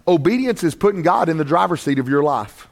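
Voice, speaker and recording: A man preaching a sermon as pastor, moving between quiet, intimate asides and loud, raised preaching, with a joking, conversational way of telling stories. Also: on the high side, expressive, fairly quick, vocal fry.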